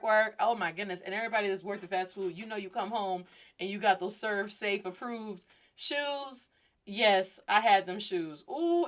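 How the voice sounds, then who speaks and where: A woman in her thirties hosting a casual podcast lesson, chatty and lively, switching into Spanish phrases as she teaches. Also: mid-range voice.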